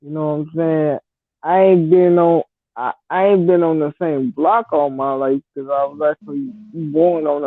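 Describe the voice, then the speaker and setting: A woman's voice: deep voice, dry recording. A woman in her thirties from Detroit with a Detroit accent touched by the Southern US, telling a story in a blunt, laid-back casual way. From Detroit, Michigan. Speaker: vlogger. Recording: dry, tinny phone-like audio.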